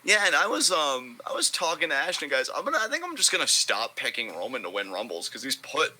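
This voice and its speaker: A man's voice: medium pitch, big pitch swings, quick pace, bright, forceful tone, rough recording. A man co-hosting a stream, chatting casually while gaming, loose and rambling with lots of filler words. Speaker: co-host of a wrestling talk stream.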